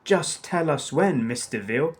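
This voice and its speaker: A man voicing a slow-witted male crook who talks in a hushed, hissing way, in a storybook reading. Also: a little high, expressive, slightly rough, heavily acted.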